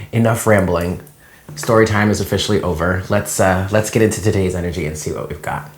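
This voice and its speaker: A tarot reader with a very low voice chats through a daily reading vlog. The talk rambles and is loose, full of little fillers, and turns emotional while telling a dream. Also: steady tone, moderate pace, a little hiss or hum. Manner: rambling and chatty, many fillers.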